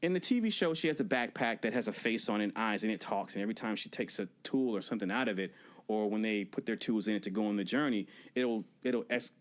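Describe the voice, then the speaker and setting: A man on a podcast casually recapping a film scene, acting out the characters' lines, laughing and swearing as he goes. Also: lowish voice. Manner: animated storytelling, acts out quotes, laughs and swears. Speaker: podcast co-host reviewing movies. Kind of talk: casual movie review chat.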